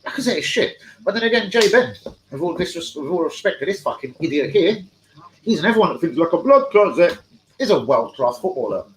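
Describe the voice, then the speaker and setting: A young man runs a live fan stream, ranting about football to his chat in a profane, combative, mocking way. His voice is high-pitched with big swings in pitch, he talks fairly quickly, and the audio is poor.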